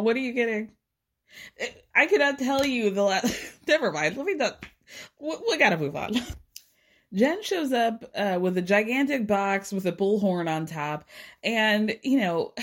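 A woman hosting a podcast, recapping a show in a chatty, sarcastic way with frequent laughs. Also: mid-range voice. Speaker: podcast host. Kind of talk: casual recap chat.

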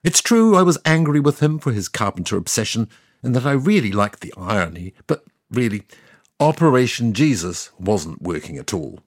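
A man's voice: medium pitch, sing-song, normal speed, no room sound, clean studio sound. A man plays God as a sardonic, chatty ancient deity, telling the story in a scripted comic monologue. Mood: wry.

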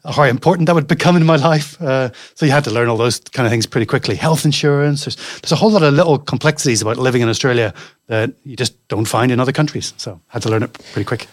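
A man's voice: medium pitch, fast, dry recording. A man in his forties from Northern Ireland with a Northern Irish accent blended with Scottish and London tones, chatting easily as a podcast guest and telling his story. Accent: Northern Irish, mixed with Scottish and London. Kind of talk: casual interview chat.

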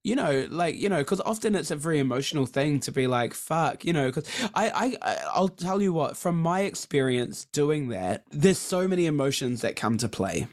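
A man's voice: on the high side, lively intonation, moderate pace, few pauses. A middle-aged man, co-hosting a podcast in casual chat, candid and effusive, talking openly about his feelings and swearing freely. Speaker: podcast co-host.

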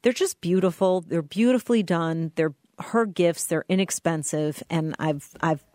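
A woman's voice: on the low side, measured pace, dark tone, no room sound, clean studio sound. A woman co-hosting a podcast in casual chat, gushing with enthusiasm as she recommends things she loves. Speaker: podcast co-host.

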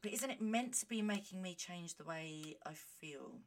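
A woman talking casually on her own podcast, animated and self-mocking, reading aloud with chatty asides. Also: on the low side, normal speed, slight background noise. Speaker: podcast host. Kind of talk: casual solo monologue.

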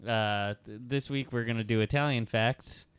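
A man from Long Island co-hosting a comedy podcast, bantering in a deadpan, joking way. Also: mid-range voice, moderate pace, smooth, no echo. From Long Island, New York. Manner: deadpan, joking, lots of uh fillers. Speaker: podcast co-host.

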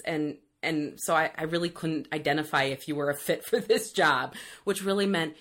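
A woman's voice: sits low, steady tone, normal speed, hardly any pauses, fairly bright tone. Blunt joking woman podcast co-host. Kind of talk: casual chat.

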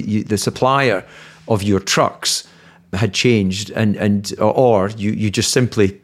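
A man co-hosting a podcast, asking his partner teasing, probing questions in casual chat. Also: lowish voice. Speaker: podcast co-host.

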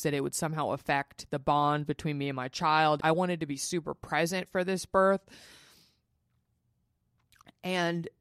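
A woman's voice: deep voice, clear, resonant tone, no echo, studio quality. A young woman hosting a podcast, telling a personal story in a chatty, emotional way and acting out the dialogue. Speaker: podcast host. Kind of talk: casual storytelling.

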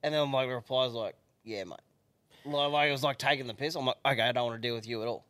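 A man with an Australian accent co-hosting a podcast, telling stories in a relaxed, jokey way. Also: mid-range voice, fast talker, no echo. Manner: laid-back storytelling with laughs. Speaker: podcast co-host. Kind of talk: casual chat.

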